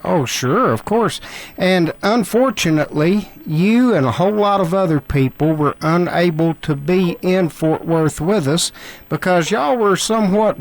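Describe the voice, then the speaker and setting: A man's voice: high voice, rough recording. A man hosting a country radio show and interviewing a guest in a cheerful announcer manner. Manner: cheerful announcer delivery, addressing listeners as folks.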